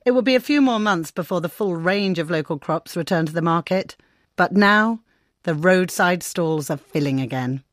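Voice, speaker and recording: Female correspondent, measured scripted radio narration, slightly low pitch. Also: expressive, no room sound. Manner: measured, descriptive storytelling. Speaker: foreign correspondent.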